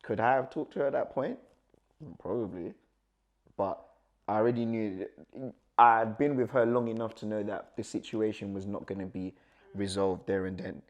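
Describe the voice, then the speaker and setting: A young man telling a personal story as a guest, animated and acting out the dialogue, with nervous laughs. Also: fairly low pitch, normal speed, lo-fi sound.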